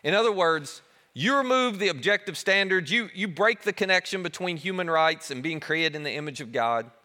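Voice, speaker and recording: A male pastor delivers his sermon in a fairly high, bright voice. He swings his pitch widely, leaning hard on some phrases and dropping almost silent on others. The long reverb of a large hall trails after his words. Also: brisk. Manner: animated preaching, dropping soft on key words.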